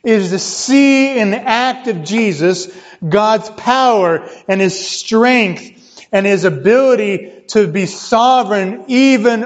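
A man preaching a sermon, explaining scripture and often checking in with "right?", climbing higher when he stresses a point. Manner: teaching, often checks with "right?", rises in pitch for emphasis. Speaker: pastor. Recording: dull lo-fi sound.

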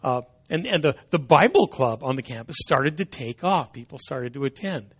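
A man's voice: mid-range voice, very animated, normal speed, a bit bright, husky. A man who speaks as a Christian apologist, telling a humorous story and often repeating words as he goes, in a dull lo-fi recording.

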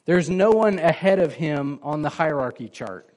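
A man preaching a sermon in a relaxed, conversational way, with a voice that sits a bit higher than most men's. He keeps checking in with his listeners and acts out the lines of the people in his story. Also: moderate pace. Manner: conversational, asks the congregation questions, acts out quoted lines. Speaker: pastor.

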